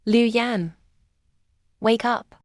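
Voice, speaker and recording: A woman dubbing dialogue for a young heroine in a short romance drama, speaking in a slow, measured way with plain, even phrasing. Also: fairly high pitch, dry recording, studio quality.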